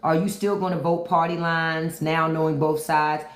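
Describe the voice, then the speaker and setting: A woman's voice: low voice, little pitch movement, normal speed, reverberant. Blunt, profane woman streamer. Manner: blunt, profane, reads out viewer comments. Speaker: livestream host. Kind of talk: casual livestream commentary.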